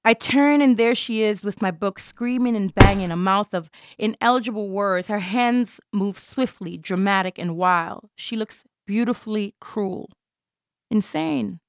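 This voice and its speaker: A woman's voice: medium pitch, normal speed, hardly any pauses, no echo. A woman from Jamaica performing an intense, theatrical spoken-word monologue.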